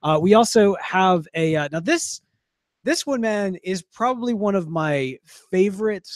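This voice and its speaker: An American man co-hosting a podcast, talking in a rambling, animated way with many restarts. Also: high-pitched, measured pace, no echo, clean studio sound. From United States. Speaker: podcast co-host. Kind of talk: casual chat.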